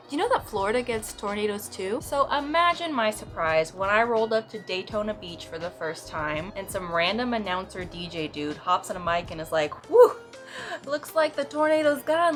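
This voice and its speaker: A young woman vlogs to camera in a casual, chatty tone, leaning into comic exaggeration as she tells stories. Her voice sits in the middle of the range for a woman. Soft background music plays faintly behind her. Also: medium pitch. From US West Coast. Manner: dramatic, comic exaggeration with playful put-on quotes. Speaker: vlogger. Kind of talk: casual vlog talk to camera.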